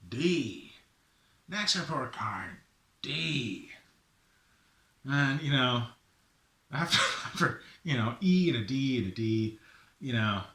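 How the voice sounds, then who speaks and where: A middle-aged man telling a personal story in an animated way, acting out the voices of himself and his father. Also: mid-range voice. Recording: echoey room.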